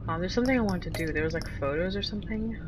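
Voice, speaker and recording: A woman's voice: lowish voice, animated, rapid-fire, background noise. A woman giving casual, rambling commentary on a video game she just finished, hesitating often with fillers. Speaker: gameplay video host.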